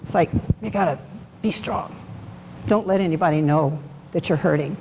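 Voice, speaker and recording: A low-pitched woman's voice at normal speed: she's middle-aged, giving an honest, spontaneous testimony at a Bible study as though chatting. The recording has long hall reverb and faint background noise.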